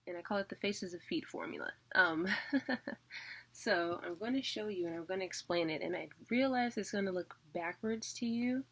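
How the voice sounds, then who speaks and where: A woman teaching a casual online lesson, chatty and full of fillers as she explains things visually. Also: fairly low pitch.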